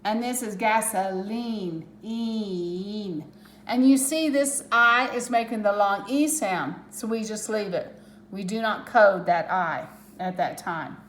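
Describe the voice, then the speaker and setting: A woman's voice: medium pitch, a little slow, fairly bright tone, reverberant, a little hiss or hum. A woman teaching a phonics lesson to children, patient and step by step, stretching out the sounds of words. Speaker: reading teacher.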